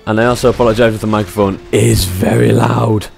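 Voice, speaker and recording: A man casually commentating his gameplay on a headset mic, chatty and quick to exclaim. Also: fairly low pitch, little pitch movement, gravelly, a little mellow, faint music behind. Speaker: let's play gamer.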